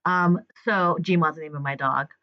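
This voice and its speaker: A woman with a fairly low voice tells a personal story in a chatty, rambling way, full of fillers. She acts out the dialogue as she goes. The recording sounds dull and lo-fi. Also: fairly even intonation, moderate pace. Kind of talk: personal story told to camera.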